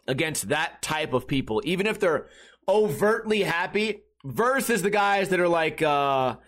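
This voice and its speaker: A man's voice: fairly high pitch, animated, measured pace, a bit bright. A young man hosting a podcast, rambling in a casual, jokey, profane monologue. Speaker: podcast host.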